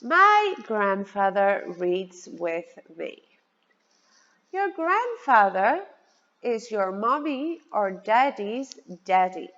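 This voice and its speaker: Woman teacher for young kids, very slow and lively sing-song delivery, words spelled out; lo-fi, reverberant sound. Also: medium pitch. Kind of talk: children's vocabulary lesson. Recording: dull lo-fi sound with long reverb.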